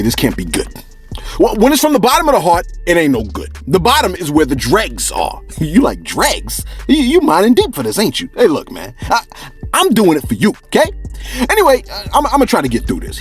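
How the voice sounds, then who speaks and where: Male gossip host, slangy and animated, chuckling, with a wildly swinging pitch. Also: moderate pace, husky, soft background music. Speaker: entertainment news host. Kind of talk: celebrity gossip commentary.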